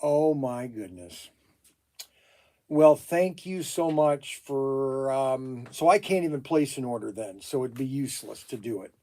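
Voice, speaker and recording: A middle-aged man, a hobby shop owner, taking phone calls and exclaiming in loud disbelief, often repeating himself. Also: mid-range voice, animated, a little slow. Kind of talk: phone calls during a work livestream. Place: his toy shop.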